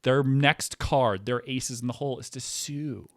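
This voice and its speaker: A man hosting a podcast who talks in a loose, rambling way, full of "like" and asides. His voice sits at a middle pitch and sounds dry and close, with no room around it. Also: unhurried, no echo. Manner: rambling and provocative, heavy use of "like". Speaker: podcast host. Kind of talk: casual comedic podcast monologue.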